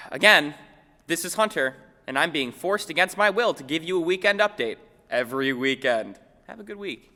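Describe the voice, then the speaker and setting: A young man hosting a comedic news parody, with deadpan wisecracks in a mock-anchor delivery. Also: on the high side, normal speed, in a large hall. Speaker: segment host.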